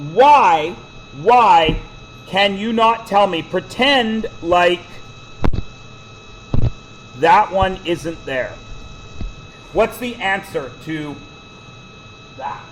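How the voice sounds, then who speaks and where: A man teaching a math class, quizzing the students with quick questions and cracking jokes. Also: high-pitched, huge pitch swings, slight background noise, low-quality recording. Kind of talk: classroom lecture.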